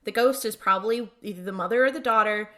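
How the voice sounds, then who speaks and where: A woman's voice: mid-range voice, fast, fairly bright tone. A woman co-hosting a podcast in casual chat, with wry banter and swearing. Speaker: podcast co-host.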